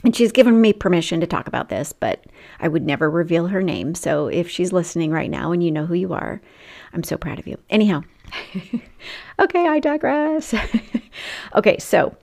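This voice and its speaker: Woman host, middle-aged, lowish pitch, fry in the voice; earnest faith-based coaching talk with asides. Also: darkish tone. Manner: earnest and emotional, with asides and laughs. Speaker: Christian weight loss coach and podcast host.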